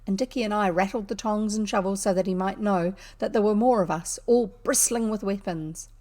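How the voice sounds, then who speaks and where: A woman reading a classic children's novel aloud in a lively, unhurried way, with a few slips. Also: medium pitch. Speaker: audiobook reader. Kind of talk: storybook narration.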